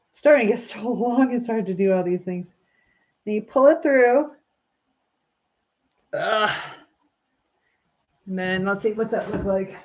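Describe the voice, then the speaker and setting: A middle-aged woman chats her way through a live stream, rambling from one viewer comment to the next and laughing often. Her voice sits at an ordinary pitch for a woman, and the recording sounds a little dull and lo-fi. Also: a little mellow. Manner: chatty, rambling, frequent laughs. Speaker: livestream host reading viewer comments. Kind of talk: casual live chat while styling her hair.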